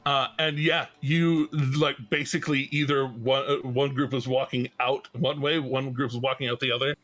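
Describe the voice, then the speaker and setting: A man narrating as game master of a tabletop game, halting and restarting often. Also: medium pitch, fairly even intonation, fairly bright tone, rough recording. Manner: slow, halting narration with many fillers and restarts.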